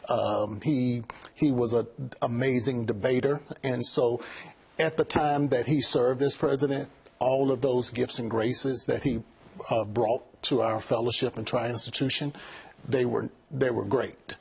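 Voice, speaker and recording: Middle-aged man, college president; earnest, a bit husky, restarts his sentences. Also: mid-range voice, steady tone, measured pace, a little mellow. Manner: earnest, repeats words while thinking. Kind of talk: interview answers.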